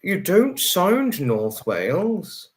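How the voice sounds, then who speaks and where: Very slow and high-pitched, this livestream host's voice swings hugely in pitch. He keeps it casual and chatty, repeating phrases while talking with a guest and reading out comments from viewers.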